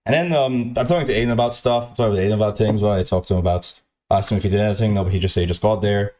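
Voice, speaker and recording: A man's voice: lowish voice, very fast, darkish tone. A man telling a long, rambling anecdote, repeating himself and swearing, often acting out what others said. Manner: repetitive, profane, restarts often, mimics others.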